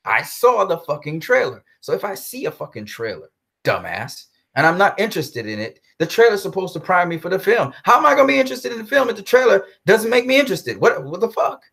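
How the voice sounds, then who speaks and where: A man's voice: sits high, big pitch swings, a little fast, vocal fry, a bit bright. A man delivering a blunt, profane movie-commentary rant, repeating himself for emphasis. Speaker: commentary host. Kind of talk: ranting film commentary vlog.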